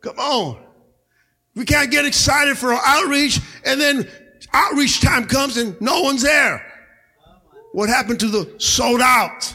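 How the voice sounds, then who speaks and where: A man preaching a sermon as pastor to his congregation in a church, with a slightly raspy voice, calling out "come on" and "amen" and shouting as he rises. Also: extremely high pitch, slow pace, faint music behind. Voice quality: a little raspy. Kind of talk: energetic sermon. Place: church sanctuary.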